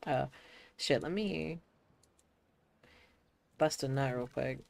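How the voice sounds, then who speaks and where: Low-voiced, playful woman streamer. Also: slow, gravelly, darkish tone. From United States. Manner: playful, giggly, casually sweary. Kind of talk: casual chat while gaming.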